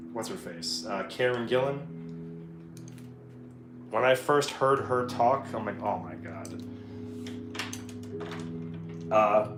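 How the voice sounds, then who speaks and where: Chatty, rambling male streamer. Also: mid-range voice. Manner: rambling, chatty, loose and profane. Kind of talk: casual live-stream chat while painting. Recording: echoey room with music in the background.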